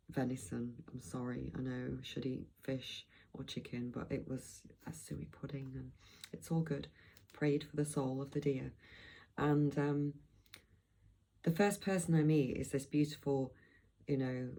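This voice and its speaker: Low, gravelly middle-aged woman rambling. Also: darkish tone, rough recording. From England, Blackpool. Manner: rambling, loose, full of restarts and asides. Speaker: vlogger. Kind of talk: rambling travel vlog chat.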